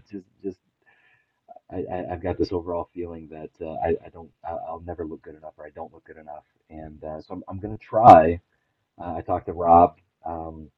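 Middle-aged man, very low voice, earnest halting talk, thin phone-like sound. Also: no room sound. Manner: halting, with many restarts and fillers, earnest. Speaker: podcast guest. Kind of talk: candid personal conversation. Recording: tinny phone-like line, dry.

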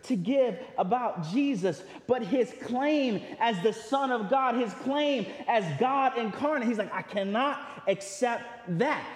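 A man's voice: high voice, darkish tone. A man preaching a sermon as pastor, talking in a loose, conversational way with restarts and asides. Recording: long hall reverb.

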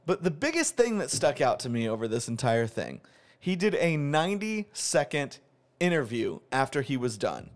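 Animated ranting man, lively pitch. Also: normal speed, few pauses. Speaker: podcast co-host. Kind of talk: opinionated casual chat.

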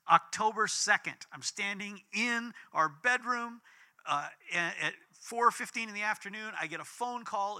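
Fifties male pastor, lively storytelling sermon, high bright ringing voice. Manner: animated storytelling with big swings in pitch and volume.

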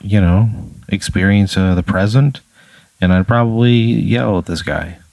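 A man's voice: lowish voice, a little slow, vocal fry, darkish tone, no room sound. A man co-hosting, reacting to a comic scenario with exasperated, indignant protests. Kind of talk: improvised comedic back-and-forth.

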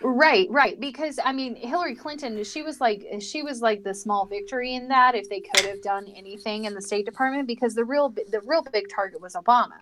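A woman's voice: fairly high pitch, brisk, few pauses, a bit bright, slight background noise. A woman co-hosting a podcast, chatting casually about politics and laughing easily while agreeing. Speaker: podcast co-host.

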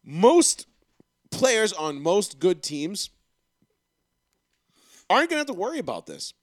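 A young man talking at length on a podcast, cursing freely and stringing thoughts together with filler words. His pitch sits a bit high and swings widely, and the sound is close and dry with no room around it. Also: very animated, slow pace, dry recording. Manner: profane, ranting, lots of filler "like". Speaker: podcast co-host. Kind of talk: casual chat.

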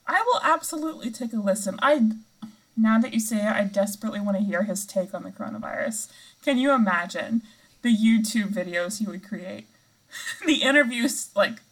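A woman's voice: medium pitch, moderate pace, poor audio. A young woman co-hosting a podcast, chatting casually and laughing often. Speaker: podcast co-host. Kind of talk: casual chat.

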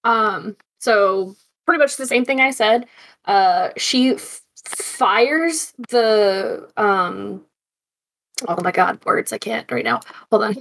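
A woman's voice: mid-range voice, animated, slow, fairly bright tone, slight background noise. Rambling woman describing game action. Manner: rambling, full of fillers. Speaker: player. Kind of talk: casual tabletop game chat.

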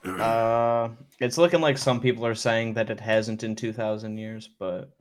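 A man's voice: fairly low pitch, fairly even intonation, measured pace. A young man talking casually among friends. He stays laid-back and drops ironic remarks. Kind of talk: casual chat.

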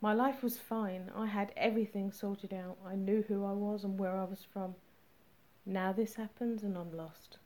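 A woman reading the part of a grieving, angry man who is a detective, speaking slowly and bitterly. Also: mid-range voice, fairly even intonation, a little mellow, close to an everyday voice. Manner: slow, measured, bitter. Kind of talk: audiobook character reading.

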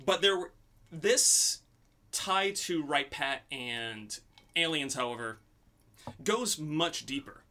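Bright-voiced man telling odd lore. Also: on the high side, expressive, slow pace. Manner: rambling storyteller with many ums. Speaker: podcast host. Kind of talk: casual podcast chat.

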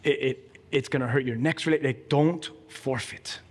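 A man's voice: mid-range voice, normal speed, big-room sound. A man preaching a sermon as pastor, urging the congregation directly and with emphasis.

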